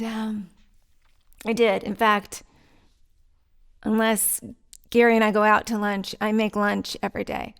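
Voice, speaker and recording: Giggly, gravelly middle-aged woman. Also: medium pitch. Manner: giggly, rambling, self-mocking, chatty. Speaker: vlog host. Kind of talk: casual rambling monologue to camera. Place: sitting on the floor at home. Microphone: mic set up by her partner.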